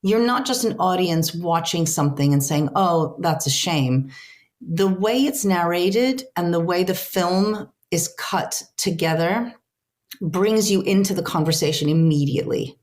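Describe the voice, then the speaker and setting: Low-voiced woman, earnest translator guest. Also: lively intonation, darkish tone. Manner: earnest, halting, searching for words. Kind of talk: reflective interview answers.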